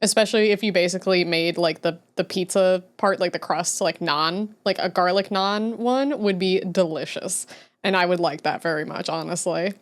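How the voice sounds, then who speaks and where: A young adult woman with a lowish voice and moderate pace draws on a casual livestream while talking to her audience. Chatty and giggly, she answers the chat aloud and laughs a lot.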